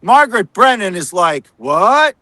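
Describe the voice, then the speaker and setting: American reporter dude, high bright voice, sarcastic, dry close mic. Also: male voice, lively intonation, a little slow, dry recording, low-quality recording. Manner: sarcastic, mocking impressions. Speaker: political reporter. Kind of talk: casual political talk.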